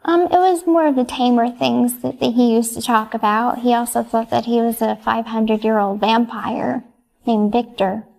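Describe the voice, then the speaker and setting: Soft-spoken hesitant young woman, gravelly. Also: a little high, steady tone, moderate pace. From United States. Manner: soft, hesitant, brief answers with many ums. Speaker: interviewee. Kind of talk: answering interview questions.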